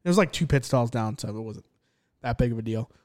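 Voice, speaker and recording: A man's voice: medium pitch, lively intonation, quick pace, darkish tone. A man hosting a racing podcast, asking questions and telling stories in a wry, chatty way. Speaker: podcast host. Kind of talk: casual podcast chat and storytelling.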